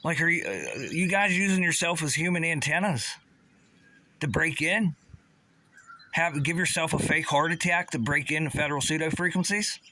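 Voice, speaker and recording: A man rants in an agitated, sarcastic way, his somewhat high voice swinging up and down a great deal. The tone is bright and sharp, and he trips over his restarts. Faint birds and outdoor ambience sit behind him. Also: expressive, normal speed, a little hiss or hum. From Pittsburgh area. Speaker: vlogger. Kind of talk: angry profane rant.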